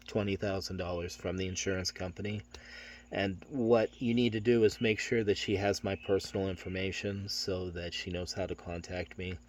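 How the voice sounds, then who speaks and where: A middle-aged man trains insurance telesales agents, walking through a phone script in a steady, matter-of-fact manner and acting out the salesman's lines. His voice is low-pitched, at a normal speed.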